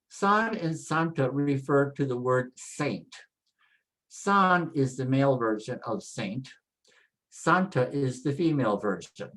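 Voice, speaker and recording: A man teaching Spanish pronunciation from slides, slowly repeating each word so learners can follow. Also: fairly high pitch, lively intonation, fairly bright tone, low-quality recording. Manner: slow, deliberate, repeats words for practice. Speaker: Spanish instructor. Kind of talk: slide-based pronunciation lesson.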